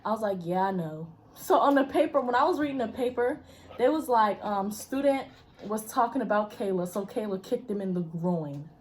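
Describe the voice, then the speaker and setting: A woman's voice: mid-range voice, moderate pace, darkish tone, slight background noise. A young woman casually telling a school story, blunt and profane, acting out the people in it.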